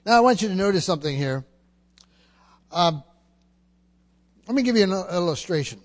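A man's voice: sits high, animated, normal speed. A man preaching a sermon, emphatic and teaching, often repeating words and asking the congregation questions.

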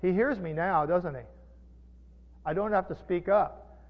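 A pastor preaching a sermon, chatty and animated, with jokes and asides. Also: male voice, high voice, unhurried. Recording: dull lo-fi sound with long reverb.

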